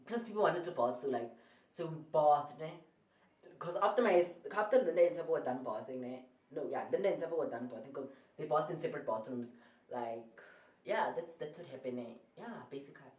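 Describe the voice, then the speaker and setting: A South African woman telling a casual storytime, rambling and excitable, often correcting herself mid-sentence. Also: sits low, brisk, recorded from a distance. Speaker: YouTuber. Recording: echoey room, voice away from the mic.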